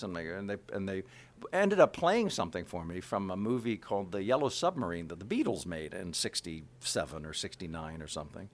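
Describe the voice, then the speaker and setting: A middle-aged male voice actor chatting in an interview, animated and full of fillers. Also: on the low side, brisk. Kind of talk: casual interview chat.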